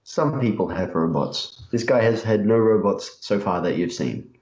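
Casting: casual game-master host, joking and hesitant; roomy, slightly dull recording. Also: male voice, fairly low pitch, animated, moderate pace, a little mellow. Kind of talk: casual tabletop game narration.

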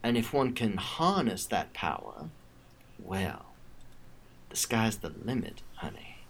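A scheming baroness in a tabletop game, sweet-talking and sinister, as a man puts her on. She drawls her threats gently and calls her captive honey. The voice sits low and soft. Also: big pitch swings, slow, creaky, a little hiss or hum, heavily acted. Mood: sly.

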